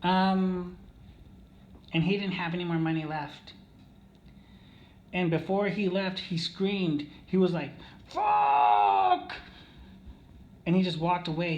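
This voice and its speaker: A man's voice: sits high, slight background noise. Rambling man telling a casino story. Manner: rambling, many fillers and restarts, asks "okay?" often. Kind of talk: casual storytelling monologue.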